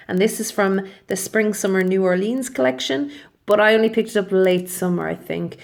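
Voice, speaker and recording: A young woman chatting casually through a nail polish review, rambling and often correcting herself mid-sentence. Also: mid-range voice. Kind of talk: casual product review vlog.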